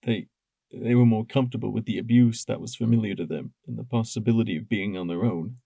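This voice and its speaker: A man's voice: fairly low pitch, steady tone, fast talker, creaky, no room sound. Man voicing a broken, whispering young stallion. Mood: broken grief. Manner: quiet, whispering, sobbing. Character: broken, guilt-ridden young stallion pony.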